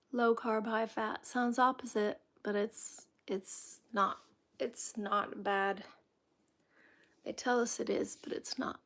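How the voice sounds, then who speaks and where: Woman host, casual cooking chat, slow rambling delivery, gravelly fry, slightly high voice, slips into near-whispers. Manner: chatty and rambling, with frequent restarts. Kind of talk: casual chat while cooking, reading viewer comments.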